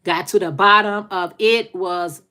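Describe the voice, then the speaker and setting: A middle-aged woman hosts a casual livestream and chats with her viewers. Her voice is bright and clear, at an ordinary pitch for a woman. She talks in a folksy, rambling way and circles back to repeat her points. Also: steady tone, unhurried. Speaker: livestream host.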